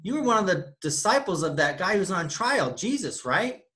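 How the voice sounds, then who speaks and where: A man voicing a suspicious bystander who accuses someone in a high, pressing voice. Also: big pitch swings, normal speed, pushed and bright, heavily acted. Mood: accusing.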